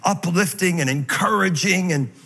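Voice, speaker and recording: A man preaching a sermon in an energetic, joking, conversational way. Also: sits high, moderate pace, gravelly. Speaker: guest pastor. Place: large church auditorium. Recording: reverberant hall, faint noise.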